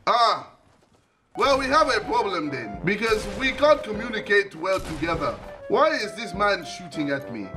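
A man's voice: sits high, sing-song, moderate pace, music in the background. A young man doing a comic put-on Nigerian accent as a clueless gamer, exaggerated and swearing, on a headset. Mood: deadpan comic. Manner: exaggerated, yelling in panic, swearing. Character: loud comic African newbie gamer man. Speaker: gamer host. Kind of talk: comedic gaming commentary.

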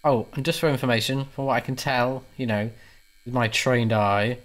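A man's voice: mid-range voice, fairly even intonation, normal speed, natural voice. A man voicing a smug, know-it-all male doctor who lectures about his deductions in a horror game. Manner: pompous, lecturing. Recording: mains hum behind.

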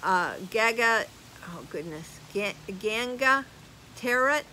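An older woman vlogger chatting casually as she reads viewer comments aloud, animated and laughing often. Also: fairly high pitch, slow, slight background noise, poor audio. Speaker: YouTube vlogger. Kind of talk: casual chat reading comments.

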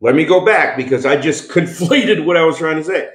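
A man's voice: a little high, expressive, a little fast, hardly any pauses. Emphatic preacher man in an echoey room. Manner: emphatic, call-and-response asides, frequent restarts. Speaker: pastor. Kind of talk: sermon.

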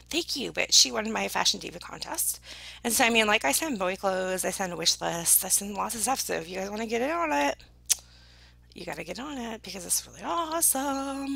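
A woman in casual chat with her viewers, gushing and excitable, thanking people by name and now and then dropping into a whisper. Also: medium pitch, fairly quick, gravelly, dry recording. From United Kingdom. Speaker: vlogger opening viewer gifts.

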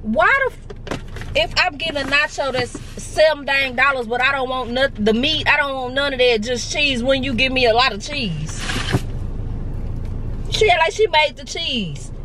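A young woman with a high voice vlogs casually at a moderate pace, talking to viewers in an animated, slangy, joking way. She starts out in a car and later moves outdoors onto a hill, with background noise throughout.

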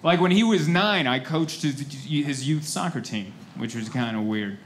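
A young man doing a stand-up comedy set on a club stage, animated and acting out other people's voices. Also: fairly high pitch, moderate pace, slight background noise.

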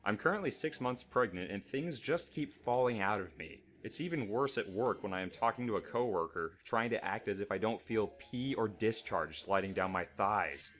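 A man with a slightly low voice reads aloud during a casual gameplay show. His delivery is loose and jokey, with crude asides and frequent giggles. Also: animated, moderate pace, few pauses, a bit bright.

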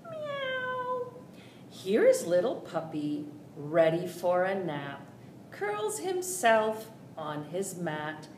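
A woman's voice: on the low side, huge pitch swings, slow pace, darkish tone, distant mic. A woman leading a children's story time with songs and finger rhymes, coaxing young listeners to sing along. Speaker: children's librarian. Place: library room. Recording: roomy echo, faint noise.

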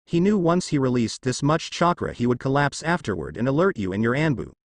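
A man's voice: medium pitch, big pitch swings, fairly quick, no room sound. A man voicing a small, loyal male fox summon who reports formally and respectfully. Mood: dutiful.

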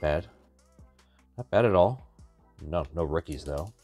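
Man, deep voice, casual pack-opening commentary, wry and chatty, faint music behind. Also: expressive, measured pace, darkish tone. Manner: chatty, wry running commentary, talks to himself. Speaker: card-breaking channel host.

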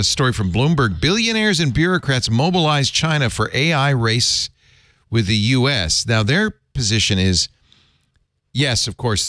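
Male host, animated and jokey, reads headlines aloud; very dry, close recording. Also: lowish voice, no echo. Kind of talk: casual panel chat, reading news aloud.

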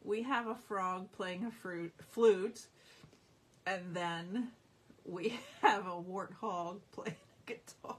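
Slow, giggly woman showing craft paper. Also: mid-range voice, husky. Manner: giggly, amused, chatty. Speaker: craft demonstrator. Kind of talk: live-stream product showing.

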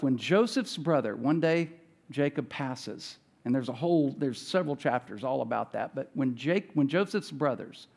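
A man's voice: on the high side, darkish tone. A man preaching a sermon as pastor, talking in a conversational way and acting out the voices of biblical characters. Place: church.

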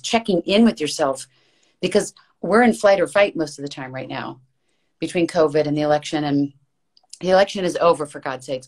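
Low-voiced earnest woman guest. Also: darkish tone. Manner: earnest, emphatic, repeats words for stress; rambling, restarts mid-thought. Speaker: podcast guest, voice actress and coach. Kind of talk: casual conversational interview.

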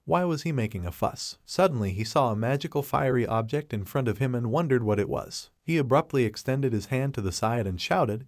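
A man narrating a comic story recap, reading the characters' lines in the same even, unhurried storytelling voice. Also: mid-range voice, no room sound, studio quality. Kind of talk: scripted narration.

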